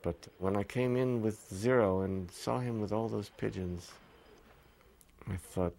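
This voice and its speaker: A man's voice: on the low side, steady tone, measured pace, gravelly, darkish tone. A man, an actor, thoughtfully recalling a film costar in an interview. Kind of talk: interview recollection.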